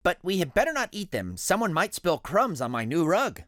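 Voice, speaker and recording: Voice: mid-range voice, very animated, normal speed, fairly bright tone, no room sound, clean studio sound, voice pushed up. A storybook reader voicing a fussy, house-proud male rabbit who scolds his guests. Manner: scolding, anxious about his rug. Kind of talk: storybook read-aloud.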